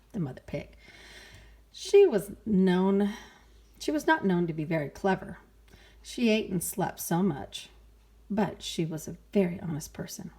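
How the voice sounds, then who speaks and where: Expressive woman reading a children's book. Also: fairly low pitch. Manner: expressive, playful, sighs and exclaims. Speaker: storyteller. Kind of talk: children's picture book read-aloud.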